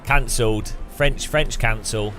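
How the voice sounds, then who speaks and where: A man's voice: mid-range voice, measured pace, over music. An English man streaming a racing game, chatting casually in a joking, sarcastic way and laughing often. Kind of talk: casual chat while sim racing.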